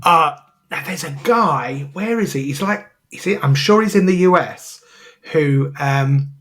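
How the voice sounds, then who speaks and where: Husky man chatting casually. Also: fairly high pitch, lively intonation, a little slow, a bit bright. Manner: rambling, full of fillers and restarts. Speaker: podcast co-host. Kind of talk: casual chat.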